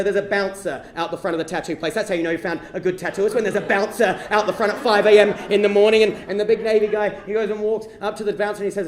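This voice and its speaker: A man performs a comic true-life story on a live stage in a very high voice, talking fast. He is animated and swears freely, and his voice echoes through a roomy live hall. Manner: animated, bursts into shouting, swears. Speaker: stand-up storyteller.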